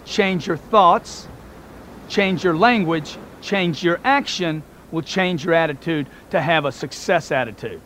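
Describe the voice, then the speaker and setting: A man giving a motivational talk to camera, energetic, acting out everyday dialogues to make his point. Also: a little high, unhurried, a little hiss or hum. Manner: energetic, acts out sample dialogues. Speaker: motivational speaker.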